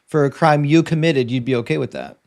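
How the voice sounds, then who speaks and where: A man hosting a live debate stream, with a voice pitched a little high. He talks bluntly and lectures his callers, often restarting his sentences with quick stammers. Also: creaky, darkish tone. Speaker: debate show host. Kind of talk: live-stream debate and reading super chats.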